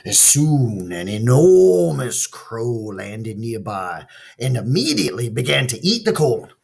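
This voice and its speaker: Male storyteller, slow, husky, gently expressive read-aloud. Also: mid-range voice. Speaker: narrator. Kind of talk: reading a children's story aloud.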